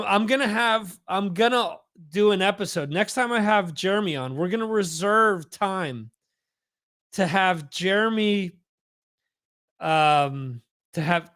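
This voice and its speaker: A man with a high, slightly bright voice hosts a live-stream podcast. He chats casually and rambles, repeating words as he reads viewer comments aloud.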